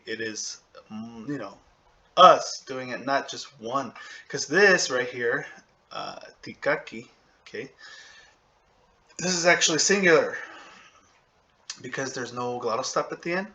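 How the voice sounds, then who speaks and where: A man teaching a casual video lesson on a language, thinking aloud with fillers and checking in with "okay?" and "right?", and slowly sounding out example words. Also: medium pitch, pushed and bright.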